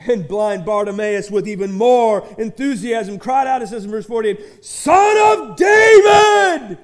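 A pastor preaching a sermon in a church, swinging between quiet asides and shouted, drawn-out peaks. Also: male voice, high-pitched, steady tone.

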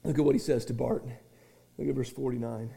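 A man preaching a sermon to his church. He moves between shouted, rising lines and quiet conversational asides, and he acts out small dialogues. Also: mid-range voice, steady tone, a little fast, gravelly. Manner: restarts and acts out little dialogues. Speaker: pastor.

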